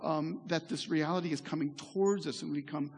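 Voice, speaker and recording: A pastor giving a sermon in a church, earnest and conversational, with asides to the congregation. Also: male voice, fairly high pitch, steady tone, a little fast, darkish tone, slightly rough. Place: church sanctuary. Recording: echoey hall reverb.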